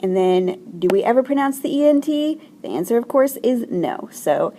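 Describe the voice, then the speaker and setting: A woman teaching a French grammar lesson, explaining slowly and clearly with frequent fillers. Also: fairly high pitch, big pitch swings, dark tone. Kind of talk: recorded classroom lesson.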